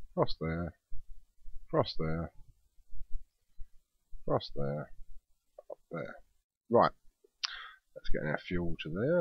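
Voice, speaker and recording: A man's voice: sits low, gravelly, slightly rough, dry recording, muffled recording. A man hosting a let's play, chatting casually and thinking aloud as he builds in a game.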